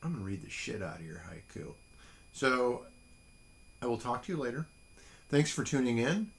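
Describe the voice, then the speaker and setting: A middle-aged man hosts a casual solo podcast from a small home studio. His gravelly voice moves up and down with a lively pitch. He rambles and pokes fun at himself, with plenty of fillers. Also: moderate pace. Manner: rambling, self-deprecating, lots of fillers. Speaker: podcast host.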